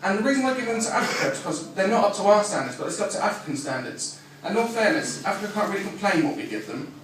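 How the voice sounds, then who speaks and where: A man doing a live stand-up routine with crude, deadpan one-liners. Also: sits high, very fast, slight background noise. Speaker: stand-up comedian. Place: comedy club stage. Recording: echoey live room from far off, audience laughter. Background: audience laughing.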